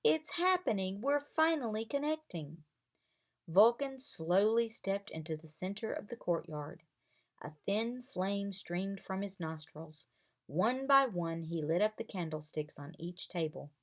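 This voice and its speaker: A woman reading a children's chapter book aloud with expressive storytelling. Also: fairly low pitch, a little slow. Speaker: reader.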